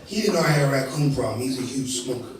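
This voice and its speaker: A man's voice: medium pitch, expressive, fast, slight background noise. A man from Indiana doing a live stand-up set, profane and self-deprecating, acting out characters. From Indiana, USA. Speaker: stand-up comedian. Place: live comedy venue. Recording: echoey venue from far off with crowd.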